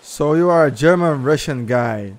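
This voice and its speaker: A Brazilian man with a Brazilian Portuguese accent, excitedly chatting and shouting with other players during an online survival game. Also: fairly high pitch, moderate pace. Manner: loud, excitable, shouts and laughs, switches between Portuguese and English. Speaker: gameplay streamer. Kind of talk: excited multiplayer game chat.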